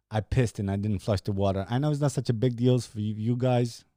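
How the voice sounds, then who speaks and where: Young guy rambling and swearing on his podcast, mellow low tone, dry close sound. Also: normal speed, no echo. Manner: rambling, profane, laughing often. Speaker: podcast host. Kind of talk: casual chat with live viewers.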